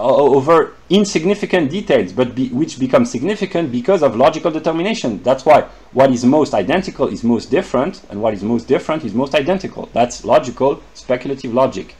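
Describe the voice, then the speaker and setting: A man giving an unscripted lecture, pausing often with fillers and restarting his sentences. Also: medium pitch, a little mellow. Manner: halting, many fillers and restarts. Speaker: lecturer explaining a chart.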